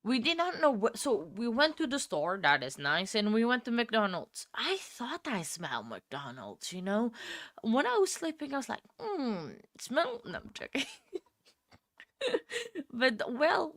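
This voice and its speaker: A young woman hosting a livestream, chatting casually with viewers, laughing often and filling pauses with ums. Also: a little high, big pitch swings, a bit bright, no echo, clean studio sound. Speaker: livestream host. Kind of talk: casual chat with live viewers.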